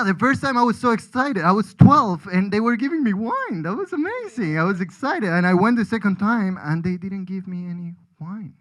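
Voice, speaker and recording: A man's voice: high-pitched, a bit bright, low-quality recording. A man from Colombia, a comedian rambling through a self-deprecating stand-up set with frequent restarts.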